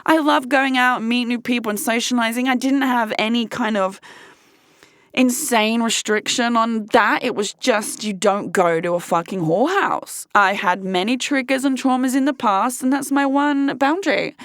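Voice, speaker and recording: A woman's voice: on the high side, normal speed, dry recording, clean studio sound. A young woman vlogger telling a personal story in a frank, heated way, swearing freely.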